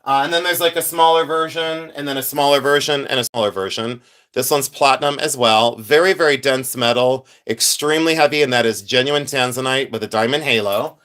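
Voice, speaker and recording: A man's voice: medium pitch, a little fast, a bit bright. A man hosting a casual jewelry live stream, rambling, reading chat messages aloud and laughing easily.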